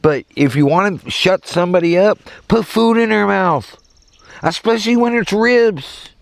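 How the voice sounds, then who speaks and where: A man's voice: high voice, moderate pace, gravelly, no room sound. A middle-aged man with a Southern US accent telling a rambling story on his podcast, acting out the voices of the people in it. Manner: animated, rambling, acts out quoted voices. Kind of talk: casual storytelling.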